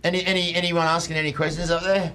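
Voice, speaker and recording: A man's voice: a little high, flat delivery, fast, sharp tone. A man hosting a livestream show, loose and upbeat as he talks to his guests. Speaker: livestream host. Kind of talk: casual hosting. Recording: crowd noise behind.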